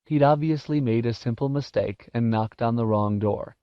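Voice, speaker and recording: Male audiobook narrator, measured and expressive, mid-pitched; dull dry cassette-era recording. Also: smooth, dry recording. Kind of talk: scripted narration.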